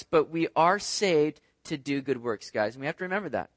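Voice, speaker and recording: A man's voice: fairly high pitch, animated, brisk, no room sound. A man preaching a sermon to a congregation in a conversational way, often checking in with "right?". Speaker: pastor. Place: church service.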